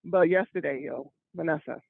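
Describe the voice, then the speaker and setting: A woman's voice: low voice, normal speed, creaky, breathy edge, dry recording. A woman co-hosting a casual phone chat while walking outdoors in the mountains, out of breath, telling things vividly. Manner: vivid, animated storyteller. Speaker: co-host. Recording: tinny dry phone line.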